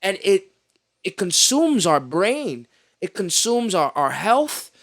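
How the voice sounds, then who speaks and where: A man from New York City sits at a podcast mic and rants in loose, profane street talk. His voice sits high for a man, and he jumps from one complaint to the next. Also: slow pace. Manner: animated ranting with profanity and street slang. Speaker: podcast host. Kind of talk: casual podcast chat.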